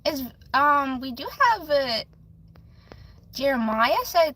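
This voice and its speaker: A bubbly young woman chats with her livestream viewers and reads tarot cards for them, giggling often. Her voice sits high, with a bright, sharp edge. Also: measured pace, rough recording. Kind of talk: casual livestream chat.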